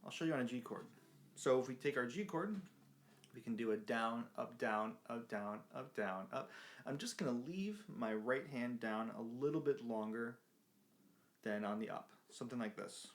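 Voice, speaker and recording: A man's voice: mid-range voice, animated, moderate pace, music in the background. A man teaching a beginner ukulele lesson, explaining patiently and counting beats aloud while he strums. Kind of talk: music lesson. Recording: ukulele playing behind voice.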